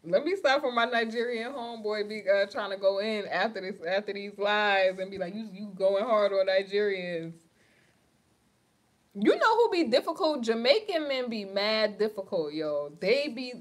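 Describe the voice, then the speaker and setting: Chatting with viewers on a casual livestream, this young woman from New York reads their comments in slang and laughs a lot, her New York accent clear. She sounds animated, with a mid-range voice, normal speed and few pauses.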